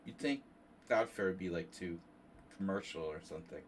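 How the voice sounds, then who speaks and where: A chess streamer hosting a tournament talks casually to his viewers while playing online chess, his lower, nasal voice lively in intonation and moderately paced. He drifts into offhand, self-deprecating asides, sounding a bit distant from the mic with a faint background hiss.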